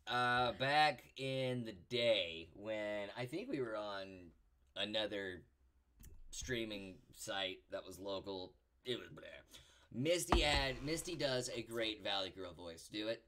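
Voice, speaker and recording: A man's voice: fairly low pitch, slow pace, bright, forceful tone, slight background noise. A man hosting a live stream, chatting casually and joking with his co-host and viewers. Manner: jokey, chatty, talks to viewers.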